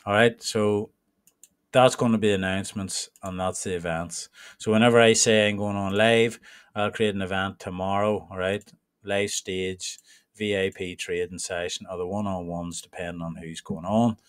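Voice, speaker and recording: A man's voice: low voice, steady tone, moderate pace, smooth, dry recording, clean studio sound. A man with an Irish accent, a trading mentor who walks new members through his group in a rambling, informal way. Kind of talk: casual screen-share walkthrough.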